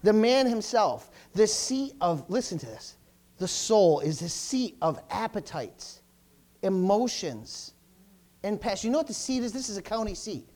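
A male pastor preaching a sermon, asking for amens and swelling to loud, fervent cries. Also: high voice, big pitch swings, a little slow. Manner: preaching with call-outs for amens, rising to loud fervent crying out.

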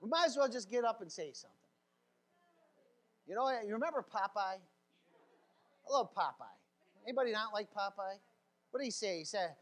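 A man preaching a sermon in a fiery, folksy way, with sudden shouts and laughter. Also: sits high, lively intonation, normal speed, long pauses. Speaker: pastor.

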